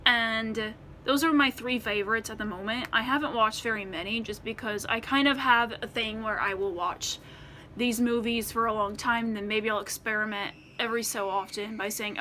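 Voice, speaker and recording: A woman's voice: a little high, fairly even intonation, moderate pace, pushed and bright, a little hiss or hum. An American woman chatting casually to the camera in a Q&A vlog, rambling with many ums and restarts. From United States. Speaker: vlogger.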